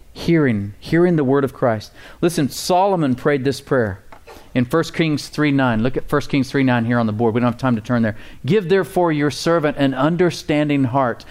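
A man's voice: mid-range voice, a little mellow. A man preaching a sermon to a congregation in church, emphatic and casual, repeating key words and asking for amens. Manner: casual preacher's talk with fillers and folksy asides. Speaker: pastor. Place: church before a responding congregation.

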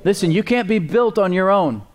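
A man's voice: high voice, expressive, normal speed. A man preaching a sermon as pastor, emphatic, with call-and-response asides and repeated words for emphasis.

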